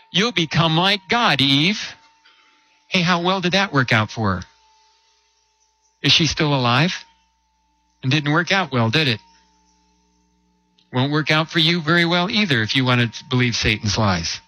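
A man preaching a sermon, telling a story with rhetorical questions and slowing down to stress key words. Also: a little high, animated, sharp tone, low-quality recording. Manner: storytelling with rhetorical questions and slow emphatic drops.

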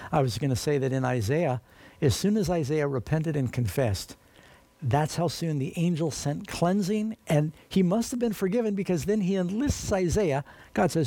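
A man's voice: fairly high pitch, animated, normal speed, mellow, no echo. Earnest man preaching, dry close sound. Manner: earnest, emphatic, addresses listeners as friends. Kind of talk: sermon.

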